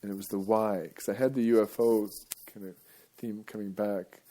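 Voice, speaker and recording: A man giving a rambling, jokey live talk to an audience, breaking now and then into loud playful chants. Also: lowish voice, little pitch movement, normal speed.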